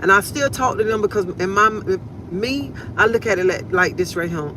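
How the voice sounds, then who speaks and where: A woman hosts a casual inspirational live stream on her phone outdoors, speaking earnestly and repeating her phrases against noisy traffic. Her mid-range voice is expressive, at a moderate pace with hardly any pauses.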